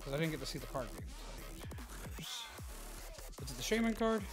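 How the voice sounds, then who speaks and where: A man's voice: on the high side, sing-song, moderate pace, music in the background. A man casually chatting on a live stream, answering viewers and laughing easily.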